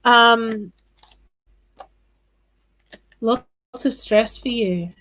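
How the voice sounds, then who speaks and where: A woman doing live-stream psychic card readings, talking casually and reassuringly, often pausing with "um" and "all right" as she calls viewers by name. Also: on the high side, fairly bright tone, poor audio.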